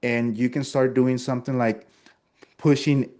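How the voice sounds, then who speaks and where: A man whose first language is Spanish is teaching a class on sales calls. He talks at a middling pitch and now and then slips into upbeat sample lines for a customer. He often stops and restarts his sentences. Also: little pitch movement, unhurried, a little mellow. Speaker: sales trainer. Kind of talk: instructional talk with role-played sales lines.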